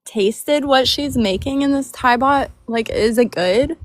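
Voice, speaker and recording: A chatty, giggly woman in a casual group chat. Her voice is slightly high. It is recorded dry and close. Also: measured pace, no echo.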